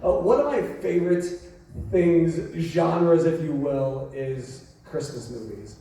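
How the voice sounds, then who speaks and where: A man's voice: fairly high pitch, takes it slowly, mellow. A man moderating a convention Q&A, asking questions hesitantly with many "uh"s. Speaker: panel moderator. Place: large convention hall. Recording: echoey hall from far off.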